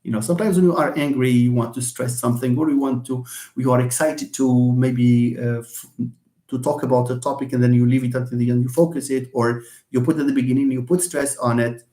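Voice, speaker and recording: A man giving a live online English lesson, hesitant with many fillers and restarts, lively when stressing examples. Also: medium pitch, fairly quick. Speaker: English lecturer. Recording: echoey room.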